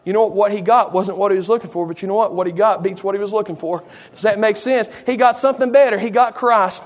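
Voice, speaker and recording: A male preacher with a high-pitched voice preaches in a folksy, conversational way. He keeps turning to the congregation with quick asides between points. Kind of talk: sermon.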